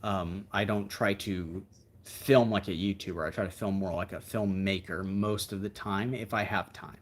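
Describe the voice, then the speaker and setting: Man, livestream host, casual chat, rambling, reflective, fairly low voice. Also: fairly even intonation, moderate pace.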